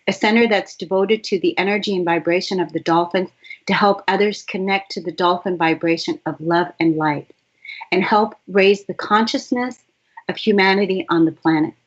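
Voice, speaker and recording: A woman's voice: medium pitch, highs cut off. A woman hosting a talk show, reading a glowing introduction and chatting in an emphatic, gushing way. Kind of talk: warm interview introduction.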